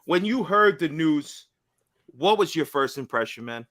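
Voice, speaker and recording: A man hosting a podcast, loud and riled up, swearing as he rants and calls on his guests. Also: fairly high pitch, animated, a little slow. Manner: loud, hyped and profane, ranting. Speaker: podcast host. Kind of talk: fired-up podcast talk.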